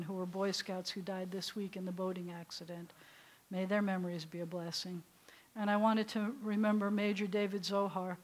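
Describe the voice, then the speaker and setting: A woman with a Southern American accent leading a congregation through a service, giving gentle instructions. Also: medium pitch. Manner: warm instructive directions to a congregation. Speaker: service leader.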